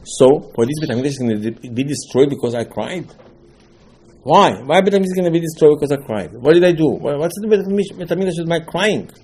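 A man teaching a Torah class, animated and full of rhetorical questions, voicing the listener's protests. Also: a little high, fast, husky. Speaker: rabbi teaching Talmud.

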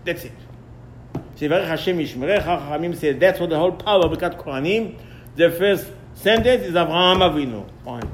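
Male rabbi, slightly high voice, animated lesson style, acts out dialogues. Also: brisk, slight background noise. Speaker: rabbi teaching Torah. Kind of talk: Torah lesson.

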